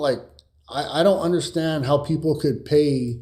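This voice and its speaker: A young cybersecurity streamer from California answers viewer questions in a casual live Q&A. He speaks unhurriedly in a warm, fairly high voice, rambling with many fillers and restarts, and is blunt and sometimes swears.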